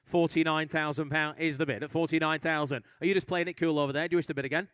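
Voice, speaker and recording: A man's voice: fairly high pitch, fairly even intonation, quick pace, fairly bright tone, clean tone, dry recording. A man from England working as an auctioneer, calling bids at a live sale with teasing asides to the room.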